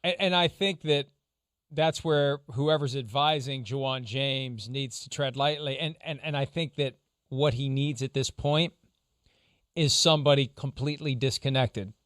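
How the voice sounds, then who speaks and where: A man hosting a sports talk show, explaining legal angles in a measured, lawyerly way. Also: mid-range voice, a bit bright, no room sound, clean studio sound. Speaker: show host, legal analyst.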